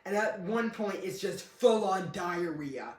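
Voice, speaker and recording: A man's voice: high-pitched, expressive, a little slow, slight background noise. A young man casually telling a story, rambling and correcting himself, with a dry, joking humor. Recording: echoey room.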